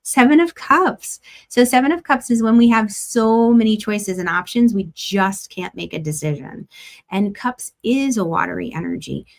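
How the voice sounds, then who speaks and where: A woman hosting an astrology forecast, talking in a chatty, gentle way with lots of "like" fillers and the odd light laugh. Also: medium pitch, moderate pace, vocal fry. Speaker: astrologer host. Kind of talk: casual spiritual forecast talk.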